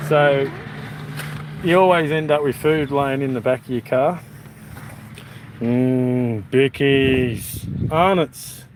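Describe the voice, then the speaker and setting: A man's voice: mid-range voice, slow, long pauses. A middle-aged Australian man, a father and channel host, chatting casually and laughing with viewers from his car. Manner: laughing, rambling, easygoing. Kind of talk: casual chat with livestream viewers while driving. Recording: noisy outdoor background.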